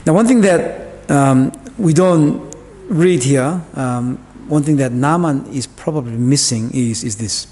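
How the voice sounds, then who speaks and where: A man's voice: medium pitch, a little slow, hardly any pauses, a little mellow. A male pastor preaching a sermon in a church, explaining Bible verses in a conversational way with asides and fillers. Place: church hall. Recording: long church reverb.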